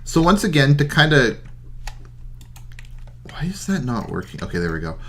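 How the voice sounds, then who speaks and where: A man's voice: medium pitch, very animated, normal speed. A man hosting a let's play, chatting casually and explaining game mechanics with frequent fillers. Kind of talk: casual gameplay commentary.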